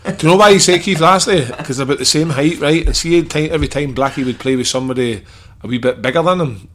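A man's voice: a little high, quick pace. A Scottish man, a former footballer, co-hosting a podcast and telling teasing stories. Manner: animated, teasing storyteller. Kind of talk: casual banter.

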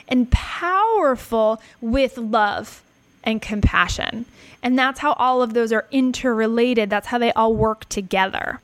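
A woman teaching a relaxed talk on chakras, calm and reflective, often checking in with the listener. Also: fairly high pitch, no echo.

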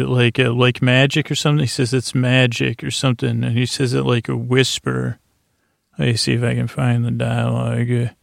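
A man's voice: medium pitch, creaky, dry recording, studio quality. A man hosting a podcast, rambling through a casual recap of a TV episode with lots of filler words. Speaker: podcast host.

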